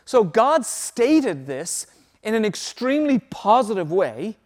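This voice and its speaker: Taking it slowly, a very animated pastor preaches emphatically in a high male voice. Key phrases come around more than once so listeners can note them, and he keeps driving his points home.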